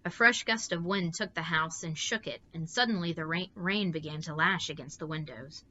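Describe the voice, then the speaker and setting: A woman reads a bedtime story aloud, steady and expressive. Her voice sits a little low yet sounds bright. The audio is slightly dull, with a faint hiss behind it. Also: moderate pace.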